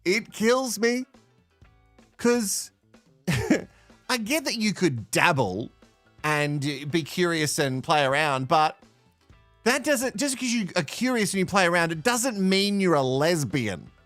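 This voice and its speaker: Brief: Australian male recap host, slow and lively, giggly and sarcastic, dry close sound, faint music behind. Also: high voice, dry recording. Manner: laughs often, mocking, quotes the cast in silly voices. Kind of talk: casual reaction commentary.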